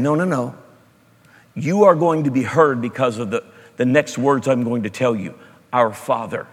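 A pastor preaching a sermon with storytelling, animated, jumping between loud emphasis and quiet asides. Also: male voice, medium pitch, slightly rough, long reverb tail.

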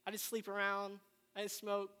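A man preaching a sermon, retelling the story in a casual, animated way with slang. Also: high-pitched, moderate pace, clean tone. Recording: long reverb of a large hall.

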